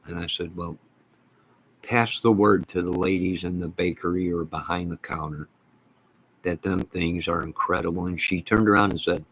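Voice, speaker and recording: Male channel host, low-pitched, husky, excitable folksy rambler, casual live-stream chat. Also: normal speed, rough recording.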